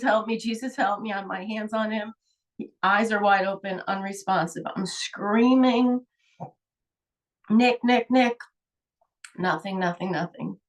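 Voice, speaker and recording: A woman's voice: medium pitch, recorded from a distance. Emotional middle-aged woman telling a story. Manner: emotional, rambling, with sighs. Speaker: holistic healer. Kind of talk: personal storytelling monologue.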